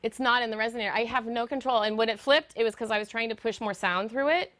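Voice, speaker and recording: A woman's voice: fairly high pitch, fast talker, fairly bright tone. A middle-aged woman vocal coach giving an online singing lesson, chatty and explaining with fillers and demonstrations.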